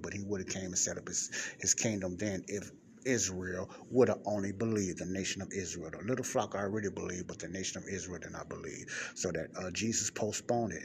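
A man with a low voice teaches the Bible in a loose podcast style. He keeps stopping his reading to explain, repeats himself, and asks "okay?" as he goes. Faint ambient noise from a public space sits behind him. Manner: digresses often, repeats points, checks in with listeners with "okay?". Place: public library area with passing cars.

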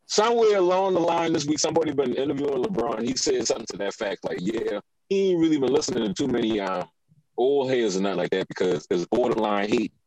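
A man's voice: medium pitch, lively intonation, fast talker, a little mellow, low-quality recording. A man co-hosting a casual podcast, opinionated and emphatic as he rants. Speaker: podcast co-host.

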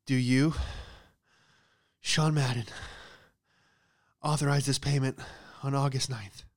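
A man's voice: mid-range voice, fairly even intonation, slow, dry recording, clean studio sound. A man voicing a female customer service agent who gasps for a breath before every word. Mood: winded. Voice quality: breathy, gasping between words.

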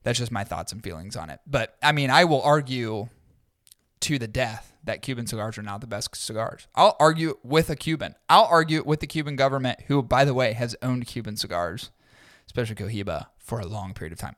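A man's voice: medium pitch, expressive, brisk, a bit bright, no room sound, clean studio sound. A man co-hosting a podcast in casual chat, blunt and profane, mocking people by putting on silly voices. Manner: blunt, swearing, mocks people in put-on voices. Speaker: podcast co-host.

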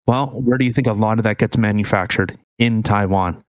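A man's voice: on the low side, fairly quick, no room sound. Opinionated man, dry sound. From Canada. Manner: explanatory, opinionated, talks through news articles. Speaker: podcast co-host. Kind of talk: casual podcast chat.

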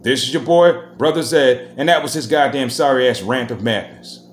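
A man hosting a profane, rambling street-talk rant, loud and emphatic. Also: mid-range voice, moderate pace, reverberant, a little hiss or hum. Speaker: host of a rant vlog.

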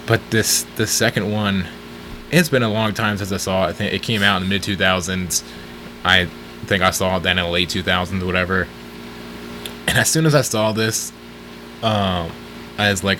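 A man's voice: sits low, background noise. A man co-hosting a casual movie podcast, talking steadily and plainly, with dry remarks. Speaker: podcast co-host. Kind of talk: casual movie review chat.

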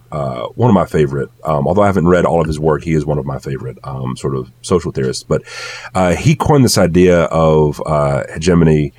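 Very low-voiced man explaining theory. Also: darkish tone, no echo. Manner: thoughtful, explanatory, with many fillers. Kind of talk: casual academic discussion.

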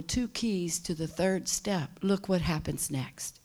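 A woman preaching a sermon who swings between loud, shouted passages and hushed whispers. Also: medium pitch, expressive, slow.

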